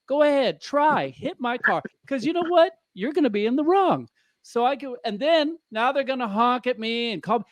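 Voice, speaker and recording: A man's voice: extremely high pitch, very animated, normal speed, no echo. A man guesting on a casual podcast, griping in an exasperated, profane way.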